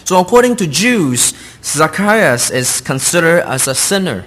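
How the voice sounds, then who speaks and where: A man's voice: on the high side, very animated, moderate pace, a bit bright. A man interpreting a sermon into English line by line, earnest, with hesitant fillers and non-native grammar.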